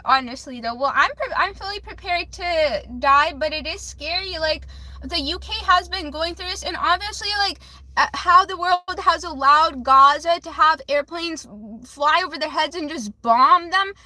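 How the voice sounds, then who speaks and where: Bright, high-voiced woman livestreamer. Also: normal speed, no echo. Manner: rambling, restarts often, says "flip" instead of swearing. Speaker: livestream host doing readings for viewers. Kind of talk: emotional casual livestream talk.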